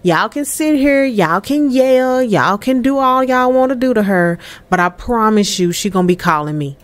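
A woman's voice: on the high side, animated, moderate pace, lightly acted. A woman voicing a defiant, disrespectful young boyfriend in a life-sim game, talking in a brash, dismissive way.

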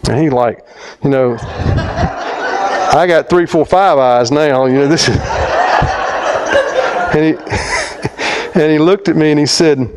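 A middle-aged man, a theologian, telling a story in a talk, halting and restarting, his voice climbing sharply when he acts out his own lines. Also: heavy background noise. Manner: animated storyteller, voice climbs high when quoting himself; halting phrasing, restarts mid-sentence. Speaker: theologian speaker.

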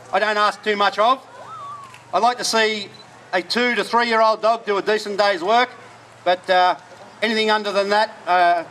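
A man's voice: sits high, sharp tone, a little hiss or hum. A man explaining dog training at an outdoor demonstration, talking plainly with short commands to his dogs in between. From Australia. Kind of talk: live outdoor demonstration talk. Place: outdoors at a festival display.

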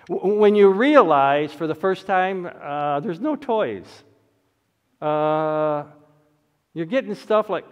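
A man preaching slowly and deliberately from the pulpit, his voice sitting a little higher than most men's. He leads the congregation in repeated responses. The recording carries a long church echo and sounds dull and lo-fi. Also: a little mellow. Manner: preaching with rising fervor and call-and-response. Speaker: pastor. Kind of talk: sermon. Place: church sanctuary. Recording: echoey hall, dull lo-fi sound.

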